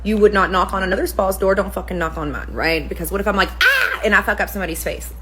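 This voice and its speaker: A woman's voice: mid-range voice, racing, a bit bright, faint music behind, rough recording. A woman who runs a spa, telling a story to camera in a casual, profane rant. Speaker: spa owner, permanent makeup artist.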